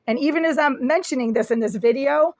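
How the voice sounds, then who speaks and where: Raspy-voiced aggrieved woman vlogging from home. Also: high-pitched, fairly quick, darkish tone, no echo. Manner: aggrieved, detailed, insistent. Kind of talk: first-person complaint video. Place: small apartment room, indoors.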